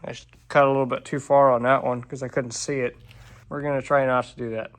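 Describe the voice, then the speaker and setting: A man's voice: mid-range voice, flat delivery, fairly quick, slight background noise. A man narrating his own shop project in casual talk, unsure and thinking aloud as he goes, a bit out of breath from the work. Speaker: DIY vlogger. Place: shop or garage.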